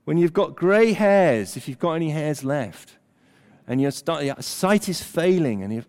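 An older man preaching a sermon, emphatic, at times dropping almost to a hush. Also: a little high, unhurried. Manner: animated, emphatic preaching with dramatic drops to near-whisper. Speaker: pastor. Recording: long hall reverb.

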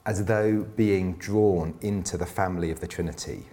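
A middle-aged man preaching a sermon in a conversational, self-deprecating way, with quick asides. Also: low-pitched, fairly even intonation, mellow.

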